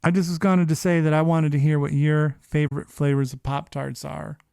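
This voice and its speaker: A man's voice: a little high, a little fast, creaky, clear, resonant tone, no room sound, clean studio sound. A man hosting a live stream, chatting casually and animatedly, swearing and playing up his feelings. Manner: animated, profane, mock-emotional. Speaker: show host. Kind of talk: casual livestream chat. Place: streaming setup.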